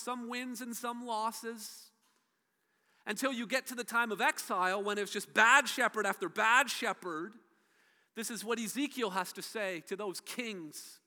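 A man preaching a sermon as a pastor, emphatic, his voice swinging from soft to loud. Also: high voice, long reverb tail.

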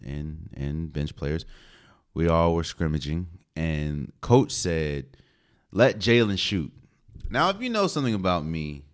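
A young man hosting a solo sports podcast, talking in a casual, slangy, opinionated way. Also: lowish voice. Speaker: podcast host.

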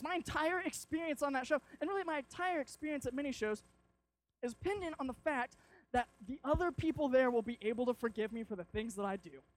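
Young male preacher, high voice, energetic anecdotal sermon delivery. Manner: animated storytelling, acts out shouts and quotes.

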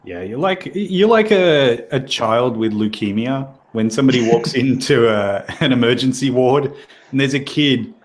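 A man's voice: mid-range voice, lively intonation, normal speed. A man, a podcast host in casual chat who trades crude, joking banter.

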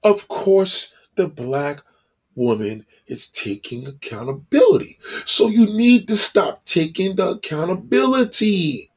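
Husky high-voiced man ranting emphatically. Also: big pitch swings, measured pace. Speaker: commentator. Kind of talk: heated opinion monologue.

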